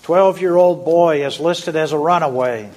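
A man reading a scripted Lenten devotion in a measured, solemn way. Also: fairly high pitch, a little mellow. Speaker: devotion reader.

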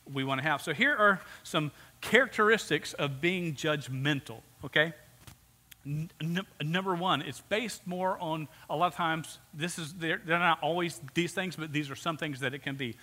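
Guy pastor preaching, kinda high bright voice, earnest chatty sermon, long echoey church hall. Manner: earnest, conversational preaching with questions to the congregation. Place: church sanctuary.

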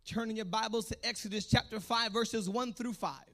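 Very high, bright-voiced shouting preacher. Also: male voice, fairly even intonation, normal speed. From Puerto Rican. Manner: fervent, swinging between soft asides and shouted exhortation. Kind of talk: call-and-response sermon.

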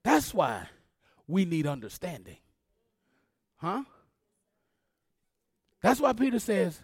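A male pastor preaching with a fairly high voice. He calls to the congregation and draws responses from them, dropping to a hush and then building loud again. The sound is close and dry. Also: huge pitch swings, slow, gravelly, pauses often, breathy edge, dry recording. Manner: call-and-response preaching, swinging between hushed and loud. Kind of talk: sermon.

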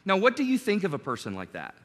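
A man preaching a sermon as pastor, animated and conversational, joking with his congregation. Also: sits high, quick pace, big-room sound.

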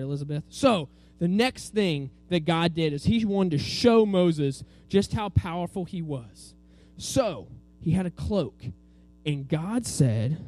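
A man's voice: a little high, darkish tone. A man teaching a children's Bible lesson, telling the story with energy and asking the kids to repeat words after him. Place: room with a group of children.

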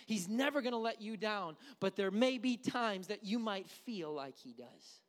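A male pastor with a remarkably high voice for a man delivers a fervent sermon. He pushes into shouted lines and stretches key words out slowly for weight. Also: animated, long reverb tail. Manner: impassioned, shouting climaxes, slowing for emphasis; drops to a soft, low near-whisper at the close.

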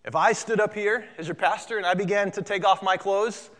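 A man preaching a sermon as pastor, animated and conversational with flashes of humor. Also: sits high, brisk. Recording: long hall reverb.

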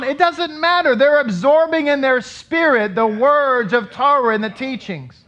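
A man's voice: very high voice, expressive, normal speed, few pauses, sharp tone. A man leading his congregation as rabbi, giving a sermon in a conversational way and asking them questions, heard in a synagogue sanctuary. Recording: dull lo-fi recording.

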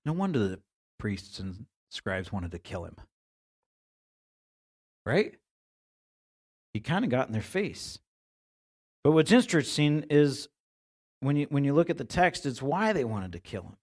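A man's voice: medium pitch, sing-song, measured pace, pauses often, darkish tone, slightly rough. A man preaching a sermon as pastor in a church, talking in a conversational way and often repeating words as he searches for phrasing. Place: church sanctuary.

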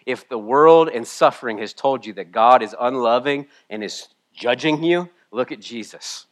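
A man preaching a sermon and reading scripture, tearful at times, with his voice swinging from hushed to loud and emotional. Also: mid-range voice, moderate pace. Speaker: pastor. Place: church room with a congregation.

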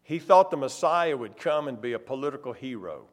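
A man preaching a sermon, stressing words with sudden loud, slow phrases. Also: medium pitch, expressive. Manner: emphatic, varies loudness and pace for stress.

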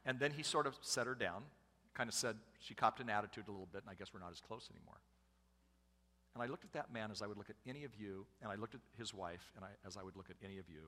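A man's voice: on the low side, fast talker, pushed and bright, long reverb tail. A middle-aged man preaching a sermon, conversational and humorous, making asides to the congregation. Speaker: pastor and family speaker.

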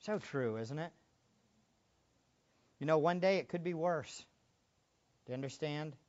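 A man preaching a sermon as pastor, dropping to quiet asides and rising to loud, emphatic preaching. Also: fairly high pitch, unhurried, muffled recording.

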